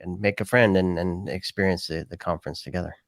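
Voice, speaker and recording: A man's voice: low-pitched, steady tone, fairly quick, no room sound, studio quality. A man hosting a podcast, talking casually and rambling as he thinks aloud. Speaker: podcast host.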